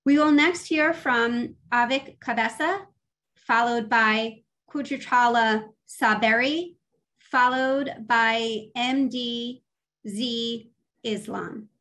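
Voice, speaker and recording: A woman moderating a remote council hearing, calling each speaker in a measured, formal way over a video call. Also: a little high, fairly bright tone. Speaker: committee staff moderator. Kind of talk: formal procedural announcements.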